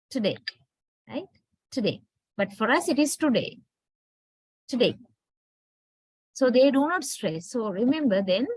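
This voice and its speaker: A Sri Lankan woman with a Sri Lankan English accent gives a patient lecture to her students. Her voice sits slightly high and sounds close and dry, with no room around it. She explains step by step and keeps checking in with "right?". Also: dry recording, poor audio. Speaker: university lecturer. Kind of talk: classroom lecture.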